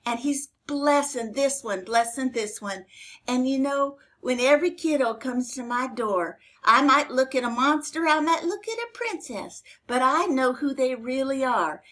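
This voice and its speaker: A woman's voice: high-pitched, expressive, measured pace. An older woman hosting a children's Bible story show, telling it in a chatty, rambling, homespun way with plenty of fillers. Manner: chatty, rambling, homespun, warm toward kids. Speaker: storytelling host.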